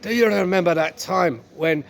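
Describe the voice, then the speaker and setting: A man's voice: sits high, moderate pace, creaky, voice pushed up. A man playing a sheepish clumsy husband. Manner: sheepish, self-mocking. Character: clumsy, jinxed middle-aged husband.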